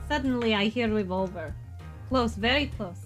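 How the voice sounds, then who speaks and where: Woman voicing a young male acrobat, broken English, clipped phrasing, raised pitch, game music behind. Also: moderate pace, lightly acted. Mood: terse.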